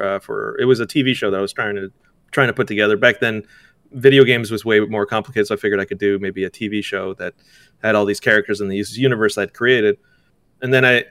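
A man talking casually as an interview guest about making games, halting, restarting his sentences and laughing often. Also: fairly low pitch, a bit bright, clear, resonant tone, no echo. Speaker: game developer guest.

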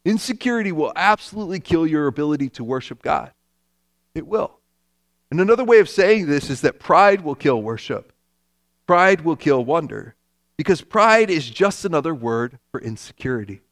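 A man's voice: a little high, very animated, normal speed, dry recording, studio quality. A man preaching a sermon as pastor, conversational and emphatic, repeating his key points.

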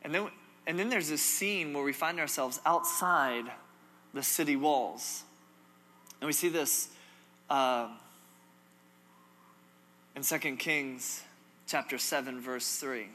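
A male preacher giving a sermon, animated and emphatic, driving points home with repetition and touches of humor. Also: a little high, slow, long pauses, a little hiss or hum.

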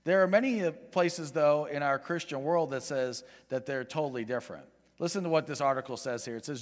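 A man's voice: mid-range voice, brisk. Earnest preaching man in a big hall. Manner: earnest, pleading, rises in volume for emphasis. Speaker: pastor. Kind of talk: sermon. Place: church sanctuary. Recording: long reverb of a large hall.

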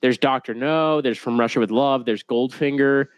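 Podcast co-host: young man, mid-range voice, rambling and animated, dry close mic. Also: medium pitch, moderate pace, dry recording. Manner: rambling, animated, laughs at own jokes. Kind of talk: casual chat.

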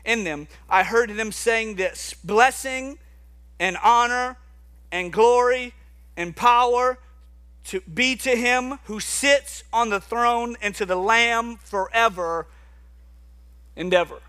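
A young man preaching a sermon, animated, swinging between soft quiet stretches and loud emphatic bursts. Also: very high-pitched, slow pace, clean tone.

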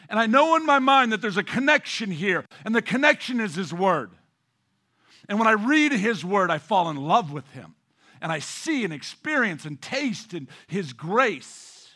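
A pastor with a high, sing-song voice preaches at normal speed, shifting between loud emphasis and hushed, near-whispered passages. He often repeats words when restarting a phrase.

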